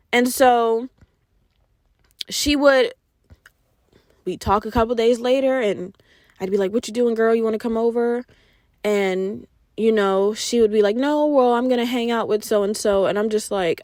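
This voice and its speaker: A young woman hosting a podcast, telling a personal story in a candid, profane, animated way, quoting herself and her friend. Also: fairly high pitch, dry recording, studio quality. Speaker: podcast host. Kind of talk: casual storytelling monologue.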